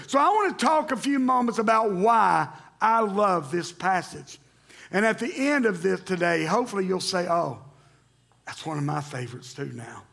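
A man preaching a sermon in church, reading Scripture and calling out loudly to the congregation. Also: sits high, gravelly. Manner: animated preaching, rising to loud emphatic calls to the congregation. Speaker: pastor. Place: church sanctuary.

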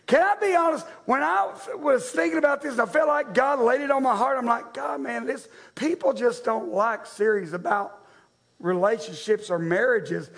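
A male pastor preaching a sermon to his church in a joking, self-deprecating, conversational way. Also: extremely high pitch. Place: church sanctuary, live-streamed.

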